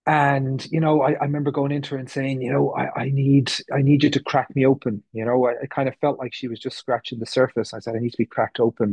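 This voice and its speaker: A man's voice: mid-range voice, a little mellow, no room sound. A man in his thirties from the west of Ireland, speaking with an Irish accent, shares his recovery story at a meeting in a candid, rambling way. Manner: candid, rambling, many fillers and restarts. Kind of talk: personal testimony talk. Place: meeting room.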